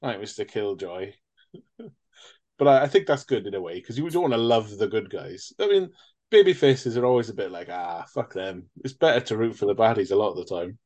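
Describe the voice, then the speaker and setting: A man's voice: mid-range voice, sing-song, quick pace, darkish tone. Rambling man chatting about a film. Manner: rambling, restarts, swears casually. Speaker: podcast co-host. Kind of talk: casual film discussion.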